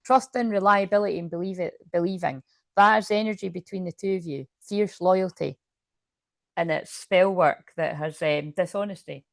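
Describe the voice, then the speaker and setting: A woman's voice: lowish voice, moderate pace, creaky, no echo. Woman doing a tarot reading, kinda rambly, talks to herself a lot, dry close sound. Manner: chatty, rambling, self-interrupting with laughs. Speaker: tarot card reader. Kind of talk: casual tarot reading to camera.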